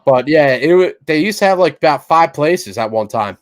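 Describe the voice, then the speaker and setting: A man's voice: on the high side, animated, dry recording. Rambling man, dry close sound. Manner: rambling, halting, many fillers and restarts. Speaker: podcast co-host. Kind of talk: casual chat.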